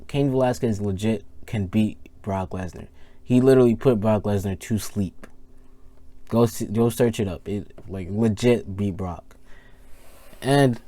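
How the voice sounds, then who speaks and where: A young man ranting casually about a wrestling show, rambling and animated, full of fillers and repeated words. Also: mid-range voice, no room sound. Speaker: wrestling review vlogger. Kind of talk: casual rant to camera.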